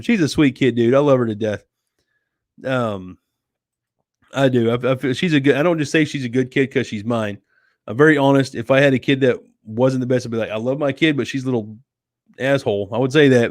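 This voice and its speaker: An easygoing man hosts a late-night live stream from home. He reads viewer comments aloud and answers them in a chatty, friendly way, calling people sweetie and dude. His mid-pitched voice sounds dry and close, with no room echo. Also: a little fast. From United States. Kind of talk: casual chat reading viewer comments.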